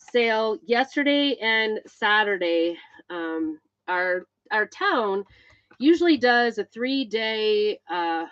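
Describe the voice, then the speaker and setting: A woman's voice: fairly high pitch, a bit bright, no room sound. Chatty woman hosting a crafting livestream. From Idaho, USA. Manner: chatty, greets viewers by name, many fillers. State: a bit out of breath. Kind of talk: casual live crafting chat. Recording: dull, slightly lo-fi sound.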